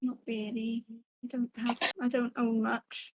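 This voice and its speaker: Slow, hesitant woman player. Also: on the high side, monotone, very noisy. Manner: hesitant, many ums and restarts. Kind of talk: casual in-character play.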